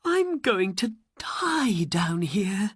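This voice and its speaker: A reader voicing an earnest young boy hero, speaking in high, pleading exclamations in a storybook reading. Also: wildly swooping pitch, slow pace, fairly bright tone, breathy edge, no echo, studio quality, heavily acted. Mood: frightened.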